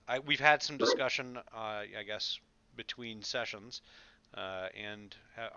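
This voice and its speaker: A man hosting a casual stream intro, relaxed and halting with fillers. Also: mid-range voice, smooth, muffled recording. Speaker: show host.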